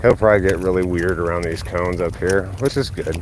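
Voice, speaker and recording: A man with a low voice talks loosely and swears freely as he walks his big dog down a street. He records on a handheld phone, with faint outdoor noise behind him. His muttered asides stay low, and he jumps high into bright praise whenever the dog behaves. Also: steady tone, fairly quick. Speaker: dog owner streaming a live walk. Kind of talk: casual live-stream commentary while walking a dog. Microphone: phone held while walking.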